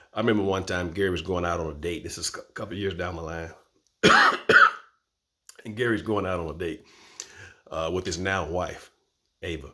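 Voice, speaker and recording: A man, telling a personal story as host and acting out voices. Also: deep voice. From Florida, USA. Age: 50s. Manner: animated, acts out voices.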